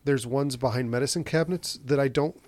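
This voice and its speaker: A man co-hosting a podcast, retelling film scenes in animated casual chat with quick asides. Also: medium pitch, no echo. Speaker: podcast co-host. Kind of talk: casual chat about movies.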